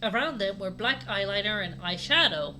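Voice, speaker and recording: A woman's voice: medium pitch, expressive, moderate pace, sharp tone, a little hiss or hum. A woman hosting a comedic dramatic reading, breaking off for sarcastic asides that mock the text. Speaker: host reading aloud.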